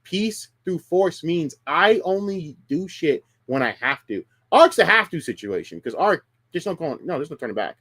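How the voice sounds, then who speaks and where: A man's voice: on the high side, sing-song, normal speed, a bit bright, no echo. Profane ranting male streamer. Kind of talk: heated casual stream talk.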